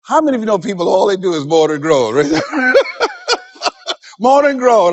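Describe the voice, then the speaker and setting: A man delivers a motivational seminar speech in a fairly high, lively voice that swings widely in pitch. He preaches emphatically and acts out the voices of others. His voice rings through a large hall with a long reverb tail. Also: normal speed, highs cut off. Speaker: motivational speaker.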